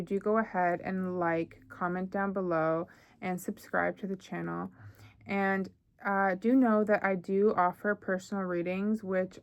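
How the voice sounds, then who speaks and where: A young woman talks through a tarot reading in a loose, chatty way, thinking aloud and filling gaps with ums and likes. Her voice sits at an ordinary pitch with a gravelly fry running through it. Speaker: tarot reader.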